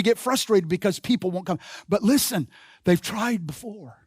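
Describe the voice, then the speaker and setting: A male pastor with a fairly high voice preaches a sermon. He repeats key phrases and calls the congregation to answer back, building in force as he goes. His voice is heard close and dry, with little room sound. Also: animated, normal speed, slightly rough, no echo. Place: church sanctuary.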